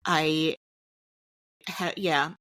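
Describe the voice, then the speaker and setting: A woman's voice: low-pitched, fairly even intonation, very slow, a bit bright. A woman co-hosting a film podcast, giving a wry, explanatory review in casual chat. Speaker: podcast co-host.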